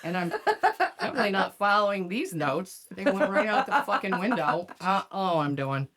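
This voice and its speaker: A woman's voice: mid-range voice, sing-song, normal speed, a bit bright. A woman hosting a podcast, telling a profane story in casual chat and laughing often. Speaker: podcast host.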